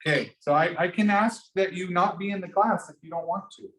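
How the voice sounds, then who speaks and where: With a brisk, slightly bright, medium-pitched voice, a teacher energetically pushes an entrepreneurship class and names students directly. The classroom has a noticeable echo.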